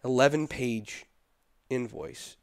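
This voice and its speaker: A middle-aged man telling a personal story in casual conversation, animated and quoting the people in it. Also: medium pitch, slow, smooth, no room sound. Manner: animated, quotes people in his story, laughs between. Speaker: guest telling his story.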